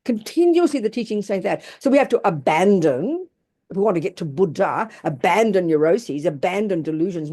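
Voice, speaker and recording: A woman's voice: mid-range voice, lively intonation, brisk, dark tone. A woman giving a Buddhist teaching to an audience, blunt, emphatic and colloquial. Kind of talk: Dharma talk to an audience.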